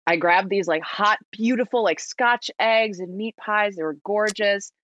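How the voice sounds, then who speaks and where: A woman's voice: medium pitch, measured pace, fairly bright tone, dull audio, a little hiss or hum. A woman from New York with an American accent, telling a story as a podcast guest in a chatty, giggly way. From New York, United States. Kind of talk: casual storytelling.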